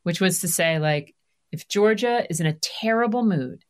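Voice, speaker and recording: A middle-aged woman with a somewhat low voice talks as a podcast guest. She tells family stories candidly, with quick asides and self-deprecating humor. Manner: animated, confessional, full of asides and self-deprecation. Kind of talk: candid conversational storytelling.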